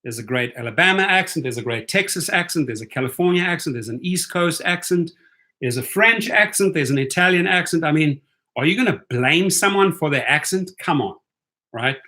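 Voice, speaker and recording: Bright-voiced man chatting on a livestream. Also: on the high side, lively intonation, a little fast. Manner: chatty, keeps asking "right?". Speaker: rideshare channel host. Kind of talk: casual livestream chat with viewers.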